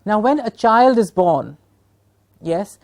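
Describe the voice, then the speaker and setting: A woman's voice: mid-range voice, lively intonation, takes it slowly. A woman from Punjab, giving a training workshop lecture to teachers, emphatic and full of rhetorical questions. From Punjab, India. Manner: emphatic, asks rhetorical questions and checks in with "Yes?".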